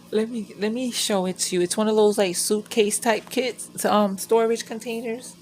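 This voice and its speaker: A woman's voice: on the high side, fairly even intonation, measured pace, slight background noise. A woman vlogger chatting casually while crafting, rambling and swearing freely as she tells a story.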